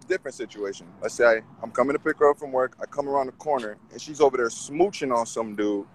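A man calling in to a talk show, arguing his side in an animated way and often repeating himself. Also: mid-range voice, fast, a little hiss or hum, low-quality recording. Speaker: caller. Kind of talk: casual call-in debate.

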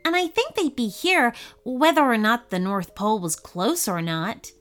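A woman's voice: on the high side, lively intonation, moderate pace, a bit bright, soft background music. A woman voicing a sensible, cautious young boy looking out for his little sister in a storybook reading. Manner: careful, reasoning, protective.

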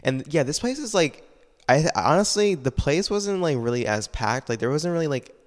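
A young solo podcaster talks at length about his life in a casual personal monologue, sounding tired, rambling, leaning hard on "like" and swearing often. His slightly high voice has a sing-song lilt at a moderate pace, with a long reverb tail.

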